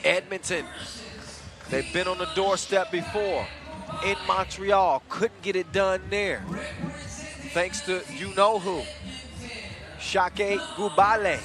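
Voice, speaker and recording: Over background music, a high-voiced man speaks slowly and pauses often, commentating on an event. He recaps a dunk contest and previews the final in a hyped, playful style full of casual slang.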